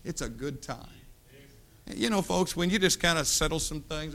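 Man in his fifties, preacher, American, sermon, swelling loud then quiet, bright sharp tone. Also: on the high side, moderate pace. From United States. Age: 50s. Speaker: pastor. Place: church sanctuary.

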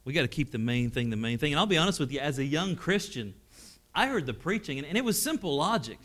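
A middle-aged man preaching a sermon, telling personal stories and swinging from loud exclamations to hushed, emotional tones. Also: on the high side, very animated, fast talker.

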